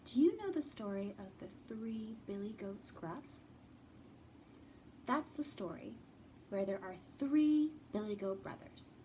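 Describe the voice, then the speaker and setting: A woman's voice: medium pitch, animated, unhurried, dark tone, a little hiss or hum. A woman leading a children's storytime as librarian, talking in an encouraging singsong way, recorded from a distance.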